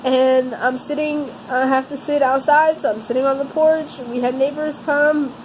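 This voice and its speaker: A woman telling a personal story in a vlog, earnest and halting, often restarting her sentences. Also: high-pitched, steady tone, a little mellow, slight background noise, low-quality recording. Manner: somber, heavy-hearted telling. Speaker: vlogger.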